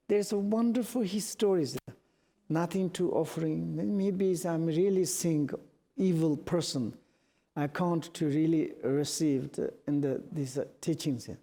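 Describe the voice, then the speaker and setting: Male Buddhist teacher, Tibetan native speaker, halting English, fairly high voice, warm tone, long hall reverb. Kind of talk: storytelling dharma teaching.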